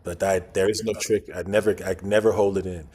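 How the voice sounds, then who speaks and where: A man's voice: low-pitched, little pitch movement, brisk, warm tone, husky. A man in his sixties, a guest actor in a casual interview, talking in a laid-back way with chuckles and repeated phrases. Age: 60s.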